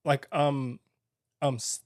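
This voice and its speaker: A young male co-host of a married couple's podcast speaks in a mid-range voice with fairly even intonation. The recording is dry and studio quality; he talks candidly and thoughtfully, halting with many fillers and restarts.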